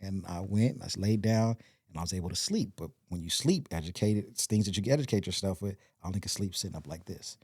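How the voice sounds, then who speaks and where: In a casual interview, a man from Compton, California, rambles through a long personal story and acts out the voices he quotes. He talks fast in a low, slightly rough, somewhat mellow voice. The recording is clean studio sound with no room tone.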